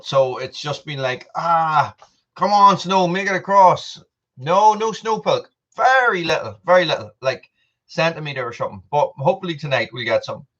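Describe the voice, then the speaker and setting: With a mid-range, slightly bright voice, this British livestream host chats with his viewers, calling them out by name while munching popcorn. The recording sounds dull and lo-fi.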